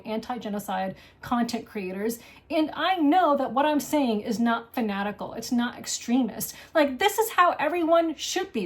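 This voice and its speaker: A woman hosting a board game show, delivering an angry, impassioned, profane solo rant. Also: fairly high pitch. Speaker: board game video host. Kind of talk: solo ranting monologue.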